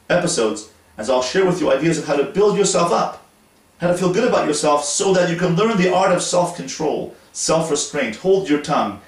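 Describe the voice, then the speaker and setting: A man from Montreal, Canada, hosting an instructional talk to camera in a slow, deliberate, explanatory way. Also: on the high side. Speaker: host. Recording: roomy echo, voice from a distance.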